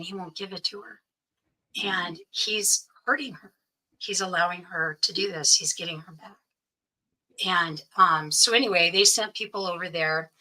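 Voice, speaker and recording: A woman, a guest in an interview, telling a personal story and acting out the voices of the people in it, often dropping to a hush. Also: lowish voice, low-quality recording. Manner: acts out quoted voices, often drops to hushed tones.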